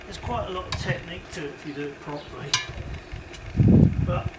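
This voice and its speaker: A man chatting casually as a bushcraft vlogger in his garden, rambling and self-mocking, often slipping into high coaxing talk for his pets. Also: a little fast. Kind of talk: casual chat while working outdoors. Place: home garden outdoors. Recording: noisy outdoor garden recording.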